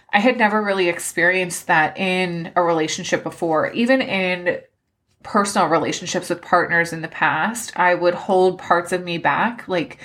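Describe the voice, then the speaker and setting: A woman's voice: lowish voice, moderate pace, a bit bright. A woman hosting a podcast, giving a personal life update in a heartfelt, openly emotional way, with a loose, rambling delivery full of "like.". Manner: rambling, with many "like" fillers. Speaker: podcast host.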